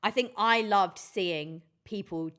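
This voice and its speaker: A woman's voice: medium pitch, slow pace, a bit bright, clear, resonant tone. A woman, a DJ chatting candidly and emotionally on a podcast, swearing freely. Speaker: DJ and guest. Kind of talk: casual podcast chat.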